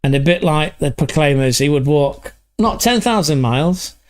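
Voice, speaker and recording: A man's voice: fairly high pitch, expressive, normal speed. A man from England hosting a livestream, rambling through stories in a loose, sweary, casual chat. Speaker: livestream host.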